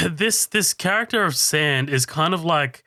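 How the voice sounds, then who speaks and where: A man's voice: a little high, lively intonation, a little slow, gravelly, sharp tone, no echo, studio quality. A man co-hosting a casual film podcast, rambling with many fillers, laughing and swearing.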